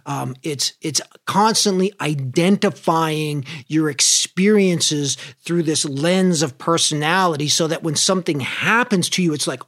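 A man's voice: fairly high pitch, unhurried, few pauses, fairly bright tone. Man giving a casual spiritual talk. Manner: conversational, swears freely, acts out inner voices; explains with everyday comparisons. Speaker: spiritual teacher.

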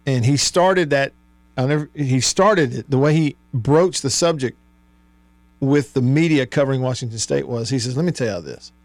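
Male radio sports host, mid-pitched, reads listener comments with frequent chuckles, dry studio sound, faint hum. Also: moderate pace, no echo. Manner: reads listener texts aloud, chuckling often. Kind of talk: casual call-in radio chat. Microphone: studio microphone.

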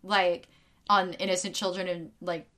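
A woman's voice: on the low side, level tone, a little slow, fairly bright tone. A woman co-hosting a casual podcast, venting in heated, profane bursts full of fillers and "like". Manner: heated, swearing, frequent fillers. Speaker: podcast co-host. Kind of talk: casual ranting chat.

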